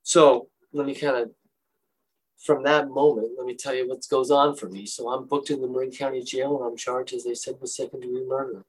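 A man's voice: medium pitch, steady tone, a little fast, husky, low-quality recording. A man in his fifties or older, a recovering alcoholic, earnestly telling his own story of recovery in a talk. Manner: earnest, confessional, emotional storytelling.

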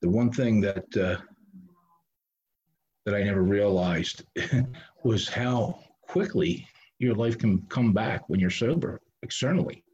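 A man's voice: fairly low pitch, slow pace, darkish tone, dull audio. A middle-aged man telling his recovery story in a candid, rambling, self-mocking way, with many restarts. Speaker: recovery speaker.

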